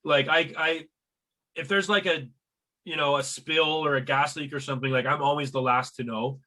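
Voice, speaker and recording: Podcast host, man, bright tense voice, slightly high, animated storyteller with stammered restarts. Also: normal speed. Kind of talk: casual chat.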